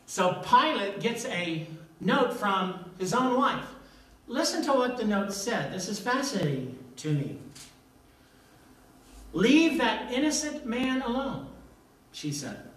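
A man's voice: high voice, sing-song, measured pace, bright, forceful tone. An older man preaching a sermon as pastor, emphatic and repeating his key lines. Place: church sanctuary. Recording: echoey church from a distance.

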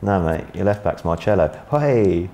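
A dry, self-mocking Englishman with a gravelly edge, his pitch bouncing up and down as he jokes with his host. The room around him is echoey, with a faint background hum. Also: expressive, normal speed, dark tone. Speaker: guest comedian. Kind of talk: casual banter while gaming. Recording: roomy echo with faint room noise.

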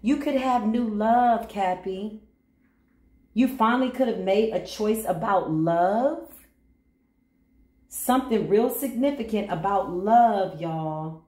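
A woman's voice: mid-range voice, takes it slowly, warm tone, roomy sound. A woman giving a channeled tarot reading to her viewers, with a playful, teasing manner and sing-song greetings. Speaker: tarot reader.

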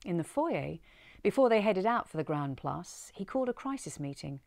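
A woman reading a story aloud in an expressive, measured way. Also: on the low side, vocal fry, no echo, studio quality.

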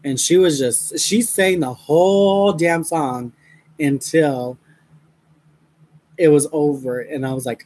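Young guy vlogging while he crafts, rambly and giggly, kinda high voice. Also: slow, long pauses, darkish tone, low-quality recording. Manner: rambling, laughs often, many fillers. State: has a headache. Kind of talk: casual chat to viewers while crafting.

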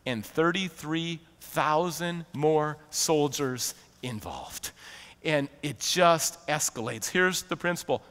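A man preaching a sermon as pastor, animated and conversational, often laughing and acting out quotes. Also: high voice, long reverb tail. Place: church sanctuary.

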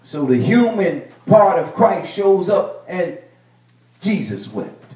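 A male pastor preaching a sermon, building to loud bursts and repeating his phrases. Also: high voice, very animated, takes it slowly. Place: church sanctuary. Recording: echoey church room, mic at a distance.

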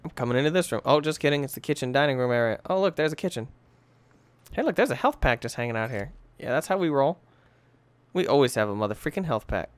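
Talking fast in a medium-pitched voice with no room sound, a man provides animated, jokey commentary on his let's play, muttering to himself about what he sees as he plays.

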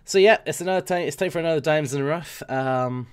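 A man's voice: a little high, fast talker, smooth. A man hosting a gaming video, chatting in a rambling, jokey way. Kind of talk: casual gaming chat.

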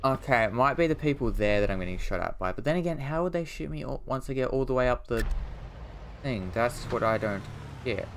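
A gaming streamer with a medium-pitched, expressive voice talks briskly over a little hiss or hum. He rambles casually through his gameplay, mocking himself and now and then yelping at what happens on screen.

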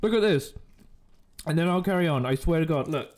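A man's voice: fairly high pitch, expressive, fairly quick, darkish tone. Joking rambling male streamer. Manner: joking, rambling, chatting while eating. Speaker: live streamer. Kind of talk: casual live-stream chat. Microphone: desk microphone.

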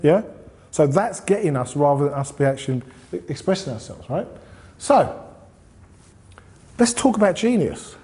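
A man's voice: on the high side, very animated, normal speed, pauses often, dark tone. A man speaking at a group meeting, giving a conversational motivational talk and asking the audience questions. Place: meeting room.

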